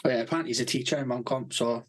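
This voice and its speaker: A man with an everyday mid-pitched voice, telling rambling stories in casual podcast chat. He swears constantly and speaks bluntly and brashly. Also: racing, rough recording. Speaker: podcast co-host.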